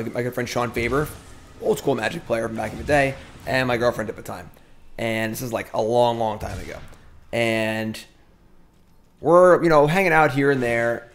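Middle-aged male streamer, chatty storyteller, breaks off mid-thought; average pitch, faint background hiss. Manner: chatty, rambling, self-interrupting. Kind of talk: casual storytelling while gaming.

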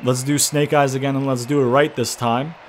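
A man's voice: medium pitch, little pitch movement, fairly quick, slight background noise. Frustrated, foul-mouthed man playing a game. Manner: frustrated, swearing, rambling asides. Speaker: gaming YouTuber. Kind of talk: profane gameplay commentary. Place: home at night, keeping quiet for neighbors.

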